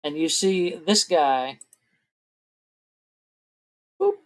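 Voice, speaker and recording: A man's voice: on the high side, unhurried. Man narrating as game master. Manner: relaxed, laughing narration with fillers.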